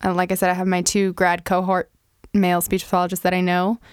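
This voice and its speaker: A woman's voice: lowish voice, completely flat delivery, quick pace, clean tone, dry recording, clean studio sound. Chatty young woman co-hosting a podcast. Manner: chatty, laughs easily, teasing. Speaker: podcast co-host. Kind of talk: casual chat.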